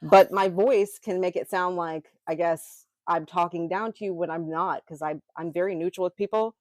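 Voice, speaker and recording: A middle-aged woman from Memphis, co-hosting a podcast in an animated, chatty way. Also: fairly low pitch, no echo, rough recording. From Memphis, Tennessee. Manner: animated, talks with her hands, quick asides. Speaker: podcast co-host. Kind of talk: casual chat.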